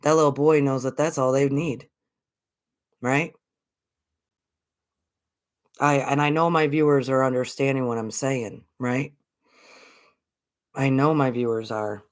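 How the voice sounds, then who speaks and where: A woman's voice: extremely low pitch, steady tone, unhurried, long pauses. Earnest American woman, spiritual vlog host, casual talk, repeats lines for emphasis.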